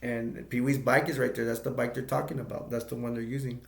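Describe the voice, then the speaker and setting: Man, creaky gravelly voice, casual halting movie recap, echoey room. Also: medium pitch, level tone. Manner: rambling, halting retelling with many restarts. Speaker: movie reviewer.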